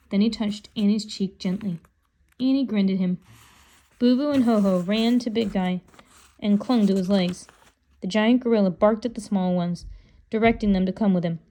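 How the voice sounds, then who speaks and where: A woman reads a children's story aloud in a calm, unhurried way. Her narration is steady and clear, at an everyday middle pitch. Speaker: storybook reader. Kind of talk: reading a children's book aloud.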